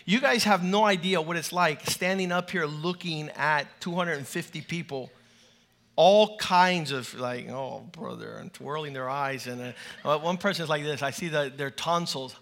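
A man preaching a lively sermon in a church to a large congregation, animated and playful, leading call-and-response. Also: a little high, normal speed.

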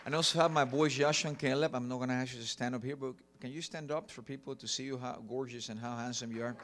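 A man's voice: mid-range voice, fairly even intonation, fast talker, a crowd in the background, noisy background. A middle-aged man from Cuba with a Cuban Spanish accent, preaching a sermon earnestly with many fillers. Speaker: pastor.

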